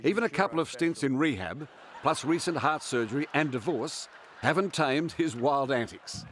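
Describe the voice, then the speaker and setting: An Australian man narrating a TV feature and asking interview questions in a measured way. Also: a little high, lively intonation, fairly bright tone. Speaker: TV reporter.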